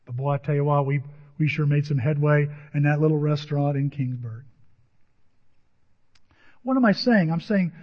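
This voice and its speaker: A middle-aged pastor preaches a sermon in a fairly high-pitched voice at normal speed, pausing often as he earnestly tells a personal story with quoted dialogue. The audio is dull, with long hall reverb.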